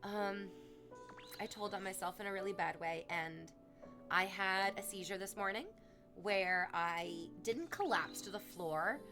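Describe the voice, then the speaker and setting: A young woman streams and chats casually with her viewers, rambling and poking fun at herself. Whenever subs are gifted, she breaks into high-pitched, squealing excitement.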